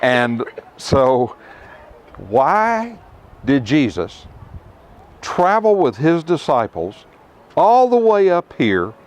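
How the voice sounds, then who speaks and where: A middle-aged man teaching scripture outdoors to a tour group, emphatic, with rhetorical questions and dramatic pauses. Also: a little high, very animated, slight background noise. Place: outdoors at ruins.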